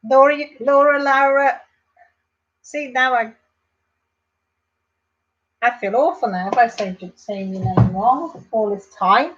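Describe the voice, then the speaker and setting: A Welsh woman vlogger chats warmly and casually to viewers on a live stream from home, rambling on and greeting them by name. Her voice is a little high and animated, a bit slow with frequent pauses, and the sound is lo-fi.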